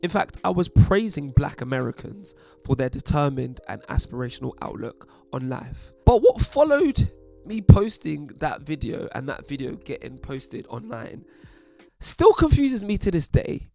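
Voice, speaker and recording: Wry chatty British man, gravelly. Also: fairly high pitch, normal speed, faint music behind. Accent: British English. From England. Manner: chatty, wry, lively asides. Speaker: YouTube host. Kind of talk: casual commentary to camera.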